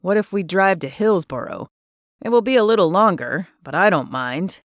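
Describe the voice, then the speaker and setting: A woman narrator voicing a gentle, easygoing young male cowboy in an audiobook, her voice dropped a little lower. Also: moderate pace, dry recording, studio quality, lightly acted. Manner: gentle, relaxed drawl-free talk. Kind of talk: audiobook character voice.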